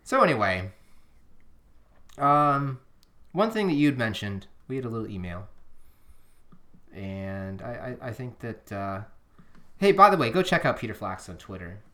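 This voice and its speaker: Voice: medium pitch, sing-song, a little slow, long pauses, a bit bright. Rambling, earnest podcast co-host. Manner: rambling, self-interrupting, earnest. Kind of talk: casual chat. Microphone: drifting off the microphone at times.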